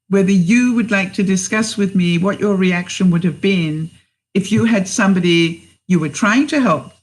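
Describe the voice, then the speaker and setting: A woman's voice: mid-range voice, rough recording. A woman vlogger in a casual livestream chat, telling a story to her viewers, laughing often and asking them for their thoughts. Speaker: vlogger answering live viewers.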